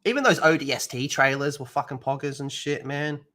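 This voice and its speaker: A man's voice: fairly high pitch, a little fast, bright, forceful tone. A man streaming alone, ranting heatedly with lots of swearing. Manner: heated, profane, sarcastic ranting. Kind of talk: livestream rant.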